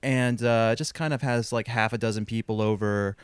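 A man's voice: on the low side, fairly even intonation, normal speed, clean tone, dry recording. Man, podcast co-host, casual rambling anecdote, wry, resonant clean voice, dry close sound. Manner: rambling and wry, heavy on "like" and restarts.

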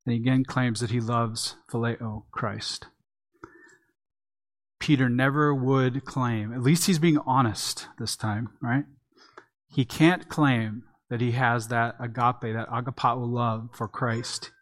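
A man's voice: mid-range voice, steady tone, takes it slowly. A man preaching an earnest expository sermon, leaning on emphatic repeats. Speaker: pastor.

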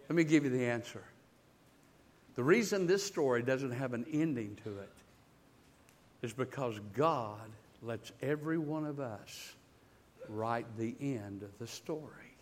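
A male pastor preaching a sermon, swinging between loud emphatic build-ups and hushed, intimate passages, often repeating words as he builds. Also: medium pitch.

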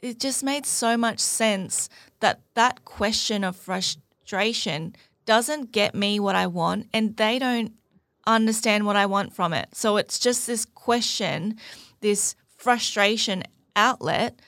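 A woman hosting a podcast interview, speaking in a soft, halting, reflective way. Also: fairly high pitch, expressive, gravelly, no room sound, studio quality. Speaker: podcast host. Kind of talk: conversational interview.

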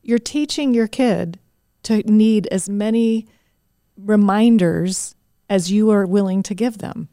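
A woman's voice: medium pitch, slow, warm tone, no echo, studio quality. A woman co-hosting a casual conversation, speaking in a direct, emphatic way. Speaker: co-host.

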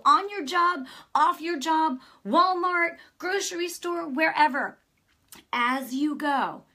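A woman's voice: high-pitched, bright, forceful tone. A woman preacher hosting her own broadcast, talking informally and enthusiastically, telling stories and acting out the dialogue. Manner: enthusiastic, chatty, acts out quoted dialogue.

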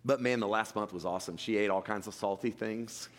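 A man preaching a sermon in a relaxed, conversational way, often restarting phrases as he talks. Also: on the low side, fairly quick, a little hiss or hum. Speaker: pastor. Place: church sanctuary. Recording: long hall reverb.

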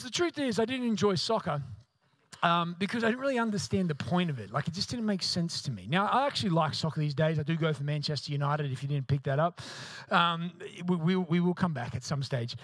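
A man's voice: high voice, fairly bright tone, no echo. A man preaching a sermon, telling a self-mocking comic story and acting out other people's voices. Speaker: pastor.

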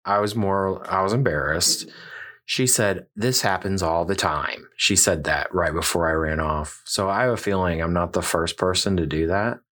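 A man hosting a podcast, telling an embarrassing story in casual chat with animated, self-mocking delivery. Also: deep voice, normal speed. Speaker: podcast host.

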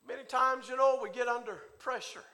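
High, bright-voiced fiery preacher man. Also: steady tone, brisk. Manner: swings from hushed to shouting, rhythmic preaching cadence. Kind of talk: Pentecostal-style sermon.

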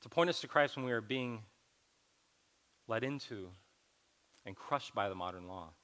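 A man's voice: medium pitch, animated, moderate pace, fairly bright tone. A young adult man preaching a sermon as pastor, conversational and earnest, acting out little dialogues as he teaches.

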